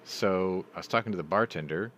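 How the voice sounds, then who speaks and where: Deep-voiced middle-aged man telling stories. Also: a little fast, fairly bright tone, a little hiss or hum. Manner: profane, rambling storyteller. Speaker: host. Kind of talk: casual live chat.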